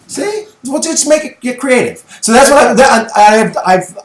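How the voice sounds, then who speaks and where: A middle-aged man co-hosting a podcast, telling a story in casual, animated chat. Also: very high voice, normal speed. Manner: animated storyteller, acts out voices in anecdotes. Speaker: podcast co-host. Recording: echoey room.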